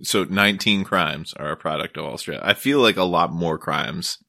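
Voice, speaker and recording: Bright-toned deadpan podcast co-host man. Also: low voice, moderate pace, gravelly, no room sound, studio quality. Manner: deadpan, crude jokes. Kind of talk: casual comedic banter.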